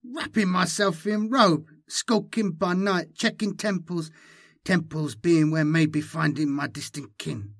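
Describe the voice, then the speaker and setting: A man's voice: on the high side, a little slow, voice pushed up. A man voicing a female assassin disguised as an alien hybrid, with a hissing, inhuman voice and clipped, broken phrasing. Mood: hissing, wary.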